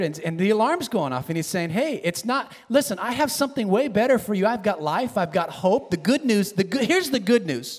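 High-voiced preacher in a reverberant hall. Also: male voice. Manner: animated, rises to shouted emphasis and drops low. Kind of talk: sermon.

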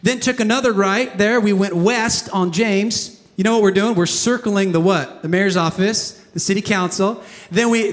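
High-voiced preaching man in a big hall. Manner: emphatic preaching with call-and-response questions. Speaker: pastor. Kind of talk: sermon. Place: church sanctuary.

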